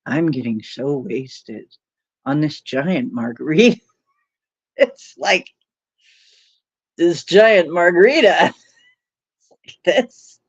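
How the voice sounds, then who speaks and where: A woman hosts a livestream, rambling and laughing through casual stories packed with fillers. Her husky voice sits low, and she takes it slowly with frequent pauses. The sound is dull, lo-fi and dry.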